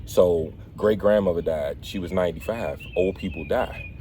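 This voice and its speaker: A man hosts a relaxed conversation with a slightly low voice. He tells stories in an animated way and pokes fun at himself. Faint background noise sits under the talk. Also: normal speed. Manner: animated storyteller, laughs at himself. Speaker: host. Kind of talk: casual conversation.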